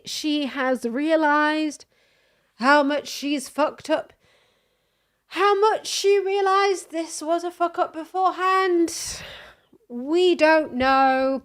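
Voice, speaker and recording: A woman streamer reading news aloud in casual commentary, sarcastic and often laughing. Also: high-pitched. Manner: sarcastic, laughing, reads quotes mockingly.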